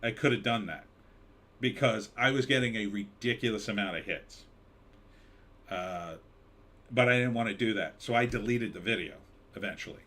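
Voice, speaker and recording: A man's voice: fairly low pitch, normal speed, long pauses, a bit bright. A man hosting a live stream, chatting casually and reading viewer comments, with a mid-Atlantic American accent. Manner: rambling, conversational, with mock announcer bits.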